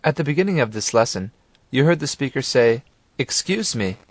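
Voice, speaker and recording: A man narrating a language course from a script, giving calm, clear instructions and prompting the listener to repeat. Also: mid-range voice, moderate pace, dry recording.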